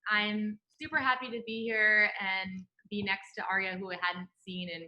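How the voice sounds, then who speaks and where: A woman's voice: medium pitch, flat delivery, normal speed, dull audio. A woman with a Midwestern American accent hosting an online event, chatting casually and laughing easily over a video call. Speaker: event host and program director.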